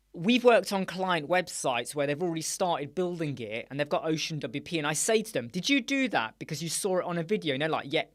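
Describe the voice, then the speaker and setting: Male host, casual live-stream chat, jokey and playful, fond of wordplay. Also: a little high. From United Kingdom. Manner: jokey, playful, riffs on words and laughs often. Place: small dark room with soundproof panels.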